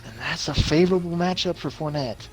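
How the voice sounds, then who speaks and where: A man's voice: a little high, a little fast. Man analyzing plays on a cheap mic. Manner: analytical, explains coverage and matchups. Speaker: color commentator. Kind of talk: live video game commentary. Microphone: cheap microphone.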